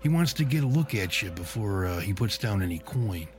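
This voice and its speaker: A man's voice: on the low side, big pitch swings, fairly quick, faint music behind. A man voicing a nervous, sweaty middle-aged bar owner who stammers with many hesitations. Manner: hesitant, full of "uh"s.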